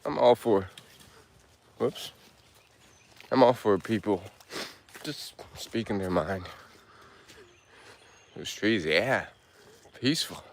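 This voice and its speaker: Low-voiced guy huffing up a trail, slow laid-back talk, birds and outdoor sounds around. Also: lively intonation. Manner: breathless, laid-back, answers chat questions aloud. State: out of breath. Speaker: vlogger hiking and reading live chat. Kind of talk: casual chat while hiking. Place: outdoors on a hilly wooded trail.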